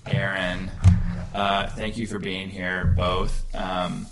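A man's voice: deep voice, flat delivery, slow pace, heavy background noise. A man hosting a comedic podcast live from a bookstore, playful and full of fillers. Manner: playful, hesitant with many fillers. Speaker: podcast host. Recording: echoey room with music.

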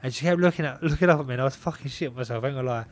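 A man's voice: medium pitch, very fast, a little hiss or hum. Young guy on a podcast, swearing nonstop, going over the same bits twice, laughing as he talks, normal mid voice. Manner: swears constantly, animated, repeats himself, laughs a lot. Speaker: podcast guest, pro boxer. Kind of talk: casual storytelling chat.

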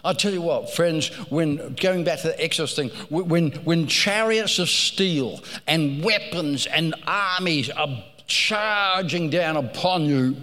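A man's voice: on the high side, slow, few pauses, sharp tone, long reverb tail. A man preaching a sermon, telling stories with animation and repeating phrases for emphasis.

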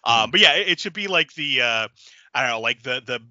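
A man in his forties co-hosting a casual film podcast, animated and quick to laugh, swearing casually. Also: mid-range voice, no echo, dull audio. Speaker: podcast co-host.

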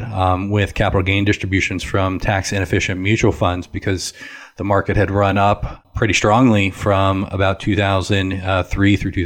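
A man in his thirties or forties, a financial advisor, talking conversationally on a podcast with plenty of fillers. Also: low-pitched. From Northeast Ohio. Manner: conversational, explanatory, many fillers. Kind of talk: casual podcast chat.

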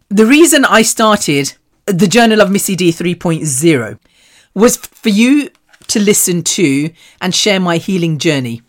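A British woman hosting her own podcast, talking to listeners in a candid, rambling, self-mocking way with casual swearing. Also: on the low side. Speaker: podcast host. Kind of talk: candid solo podcast monologue.

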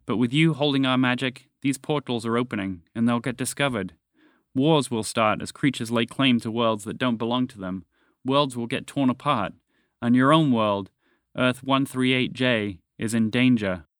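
Man voicing a grave old blue dragon, slow and measured, dry sound, storybook. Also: medium pitch, fairly bright tone, dry recording, lightly acted.

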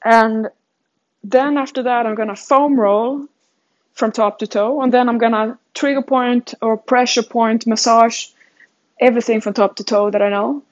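A woman's voice: on the high side, fairly even intonation, moderate pace. A fitness coach from Sweden talks through her thoughts in a casual, rambling monologue, mocking herself and restarting her sentences often. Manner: rambling and self-mocking, many restarts and laughs. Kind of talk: casual self-reflective monologue. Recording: dull lo-fi sound.

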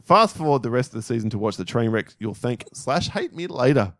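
A man co-hosting a podcast, reading out listener lists in casual, animated chat with frequent swearing and laughter. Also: medium pitch, a little fast, dry recording, studio quality. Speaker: podcast co-host.

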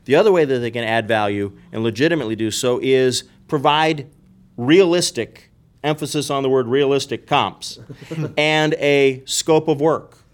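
A man's voice: medium pitch, normal speed. A man in casual podcast talk, explaining things emphatically and repeating his key points. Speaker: real estate investor and podcast guest.

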